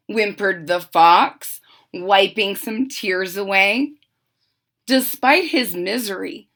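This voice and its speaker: A woman teacher reading a picture book aloud to children, expressive, with chatty asides to the class. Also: medium pitch, slow.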